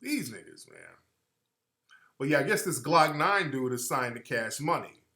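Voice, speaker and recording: A man's voice: mid-range voice, lively intonation, normal speed, pushed and bright, reverberant. A man hosting a radio talk show, talking to listeners in a loose, slangy, rambling way and trailing off while he looks things up. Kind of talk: casual commentary to listeners.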